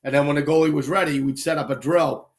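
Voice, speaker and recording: A man casually telling animated anecdotes on a live stream, acting out quick voices as he goes. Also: a little high. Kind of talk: casual storytelling.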